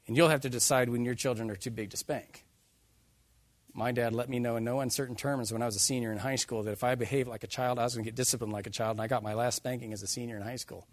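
A man preaching a sermon, emphatic and animated, joking with his listeners. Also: medium pitch, quick pace, no room sound. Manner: emphatic, animated, jokes with the congregation.

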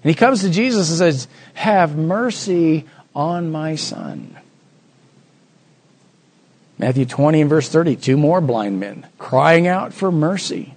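Dramatic preacher, lively pitch. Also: male voice, moderate pace, few pauses, breathy edge. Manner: dramatic, acts out the Bible voices with big pitch swings. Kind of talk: sermon.

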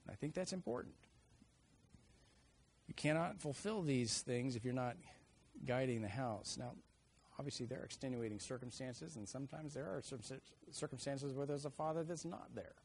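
A middle-aged man preaching a sermon, telling family stories and acting out children's cries with lively energy. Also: mid-range voice, normal speed, a little hiss or hum. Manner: animated storyteller, acts out kids' shouts.

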